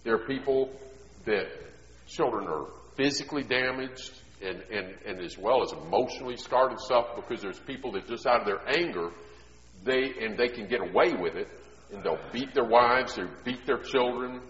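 A middle-aged man preaching a sermon, telling homely stories in a conversational way that swells into loud, emphatic preaching. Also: medium pitch, normal speed. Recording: echoey hall, dull sound.

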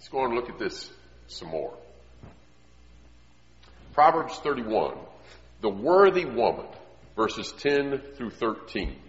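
A man preaching a sermon in an earnest way, often dropping to quiet emphasis. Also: medium pitch, very animated, slow, long pauses. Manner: earnest, drops to quiet emphasis, acts out quoted voices. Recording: echoey hall, dull lo-fi sound.

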